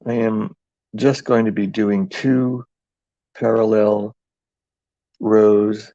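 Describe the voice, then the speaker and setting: Slow, gravelly man with a New England accent. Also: on the low side, fairly even intonation, warm tone, no room sound, highs cut off. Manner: rambling, jokey, thinks aloud while working. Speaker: craft livestream host. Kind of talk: casual live craft demonstration.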